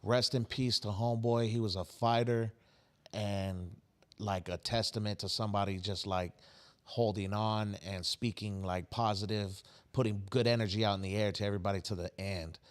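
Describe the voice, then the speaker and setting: A man's voice: on the low side, fairly even intonation, normal speed. A man co-hosting a podcast in casual chat, full of street slang and "you know what I mean". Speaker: podcast co-host.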